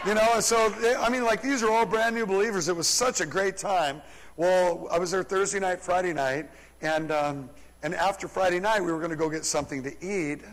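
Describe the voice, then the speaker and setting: High-voiced preacher in a reverberant hall. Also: male voice. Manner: animated, chuckling storyteller. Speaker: pastor. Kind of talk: sermon storytelling. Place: church service, large room. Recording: live church recording with long hall reverb.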